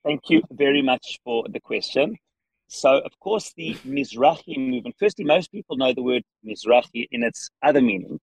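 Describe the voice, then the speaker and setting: A man with a South African accent, a podcast guest answering questions earnestly from his parked car, with frequent restarts and pauses. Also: medium pitch, lively intonation, breathy edge, no room sound, rough recording. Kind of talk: thoughtful interview answers.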